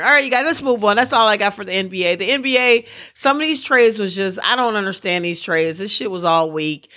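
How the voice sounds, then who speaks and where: A woman's voice: mid-range voice, bright, forceful tone. A woman hosting a podcast, rambling through sports news in casual chat and often restarting her sentences. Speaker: podcast host.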